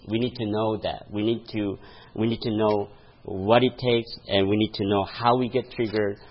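A man's voice: on the low side, husky, muffled recording. A male pastor preaching a sermon, telling a story and laughing at his own stories, calling out to the congregation for a response. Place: church.

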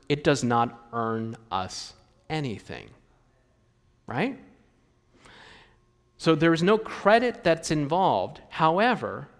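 Man, pastor, sermon, high-pitched, rhetorical questions, echoing hall. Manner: conversational preaching with rhetorical questions to the congregation.

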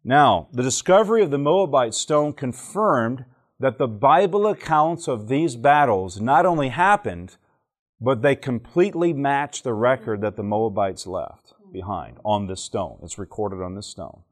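Here a man from Alabama, in the southern U.S., teaches a church lesson to a live audience. He speaks a little slowly in an animated, mid-range voice, telling jokey tales and repeatedly quizzing the crowd.

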